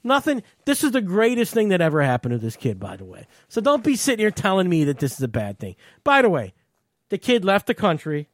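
A man's voice: high voice, wildly swooping pitch, brisk, dry recording, studio quality. A man co-hosting a talk show, ranting heatedly and swearing often. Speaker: podcast co-host.

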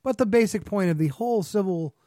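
A man co-hosting a talk show, calmly pushing back and steering the discussion. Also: high-pitched, no room sound, clean studio sound. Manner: measured, pushes back calmly. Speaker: podcast co-host. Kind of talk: casual discussion.

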